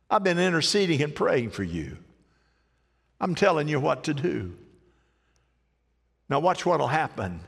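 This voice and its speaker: A man preaching a sermon in a church, swinging between loud rising cries and low hushed phrases. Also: creaky, slightly rough. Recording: long hall reverb.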